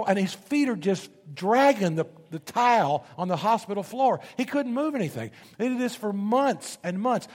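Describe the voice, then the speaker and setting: A man preaching a sermon, telling a story with animated, emphatic repetition. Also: high voice, moderate pace, few pauses, long reverb tail. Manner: animated, emphatic, repeats words.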